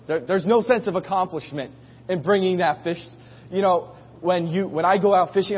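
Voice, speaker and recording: A male pastor preaches in a casual, folksy style and slips into character voices as he tells the story. His voice sits a little high and has a husky edge. The recording is muffled and carries a long echo from a large hall. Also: moderate pace. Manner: storytelling, acting out disciples' voices. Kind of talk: sermon. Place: church.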